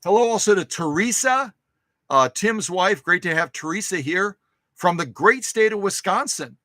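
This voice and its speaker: Man, live stream host, casual chat, rambling and upbeat, slightly high voice, dry close sound. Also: lively intonation, normal speed, pushed and bright, no room sound. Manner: rambling and upbeat, repeats himself, many filler uhs. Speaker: host of a vintage sewing machine live stream.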